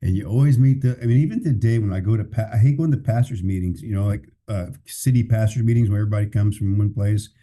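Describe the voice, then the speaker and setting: This California pastor speaks fast with hardly any pauses, his voice fairly low and dark. In a casual podcast chat he's plain and candid, often starting sentences over.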